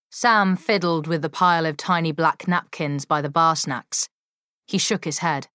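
Woman, audiobook narration, slow pace, dry close mic. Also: low voice, fairly even intonation, bright, forceful tone, clear, resonant tone, no echo. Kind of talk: scripted narration.

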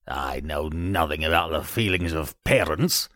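A man's voice: rumbling low, expressive, measured pace, a bit bright, no echo, clean studio sound, pitched below the performer's own voice, heavily acted. A man voicing a pompous, self-important old male water rat in a storybook reading.

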